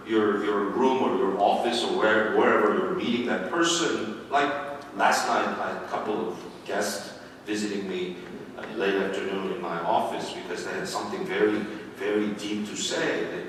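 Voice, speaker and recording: A man preaching a sermon as pastor, animated and repeating his words, sometimes acting out voices. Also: on the low side, slight background noise. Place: church sanctuary. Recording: echoey hall from a distance.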